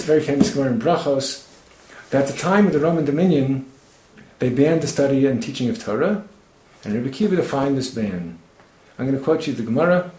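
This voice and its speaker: A man's voice: medium pitch, dark tone, roomy sound, slight background noise, low-quality recording. A man giving a Torah lecture, quoting Hebrew texts and translating them as he explains. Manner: expounds texts, quotes Hebrew then translates. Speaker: Torah teacher.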